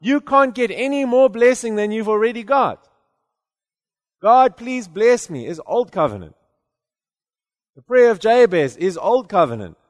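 A man with a high voice preaches, his words ringing in a hall with a long reverb. He talks in a loose, conversational way, stumbling over repeated words, then rises to forceful declarations. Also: animated, normal speed. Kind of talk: sermon.

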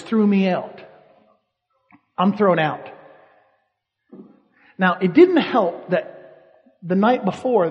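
A man preaching, telling a lively story with animation and frequent laughter. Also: high-pitched, in a large hall. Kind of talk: sermon storytelling.

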